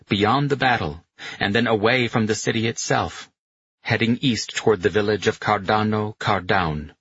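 A man narrating a novel in a steady, measured way. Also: sits low, breathy edge, no room sound, muffled recording. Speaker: audiobook narrator. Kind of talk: scripted narration of a war novel.

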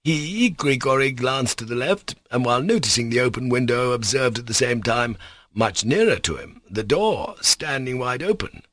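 A man's voice: mid-range voice, animated, fairly bright tone, no echo. A man reading a cold, composed prosecutor. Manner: frigid, composed, deliberate. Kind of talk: audiobook character reading.

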